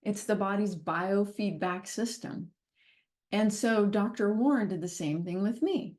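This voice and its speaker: Woman wellness speaker, animated storyteller, laughs easily. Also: mid-range voice, a little slow. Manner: expressive, laughs often while telling the story. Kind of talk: personal storytelling talk. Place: talk or masterclass session.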